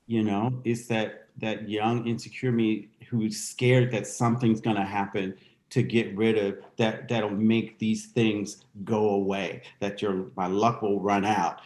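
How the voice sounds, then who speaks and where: A man's voice: lowish voice, a little mellow, reverberant. A man speaking as a guest in a candid interview, reflective and thinking aloud with restarts. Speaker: guest dancer.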